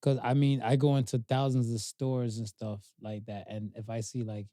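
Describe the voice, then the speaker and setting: A man's voice: mid-range voice, normal speed, no room sound. A man co-hosting a podcast, telling a story in a loose, casual way. He fills his talk with little fillers and acts out what people said. The recording sounds dry and close. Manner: loose, animated retelling with many fillers and acted-out quotes. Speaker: podcast co-host.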